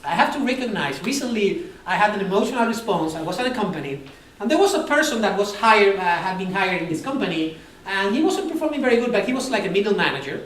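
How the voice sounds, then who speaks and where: A conference speaker giving a live talk to an audience, animated and acting out quoted dialogue with humor. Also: medium pitch, fast talker. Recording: roomy, distant hall recording with faint noise.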